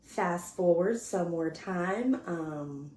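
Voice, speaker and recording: Speaking extremely slowly in a lowish voice, a woman vlogger chats casually to the camera from an echoey room. Her storytelling is animated and chatty, complete with acted-out quotes.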